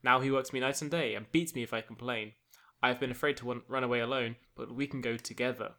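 A man's voice: medium pitch, steady tone, fast talker, sharp tone. A man voicing a kind young orphan girl in a plain, unaccented reading. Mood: earnest. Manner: reads the lines plainly, no accent.

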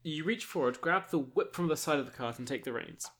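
A man acting as game master narrates a choose-your-own-adventure book to his friends in a casual session. His voice is a little high, bright, brisk, and animated; he reads steadily but adds laughing side comments.

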